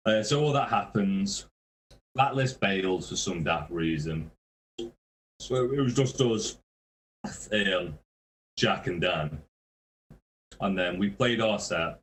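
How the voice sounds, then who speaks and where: Low-voiced man telling tour stories. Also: animated, takes it slowly, long pauses, poor audio. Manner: swearing, laughing mid-sentence. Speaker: guest musician. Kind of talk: casual storytelling.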